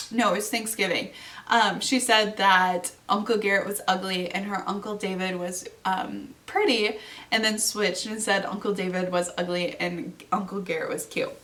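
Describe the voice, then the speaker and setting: A woman's voice: on the high side, a bit bright, recorded from a distance. A woman in her twenties hosting her own podcast, chatting casually and bubbly with plenty of fillers. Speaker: podcast host. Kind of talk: casual solo podcast chat.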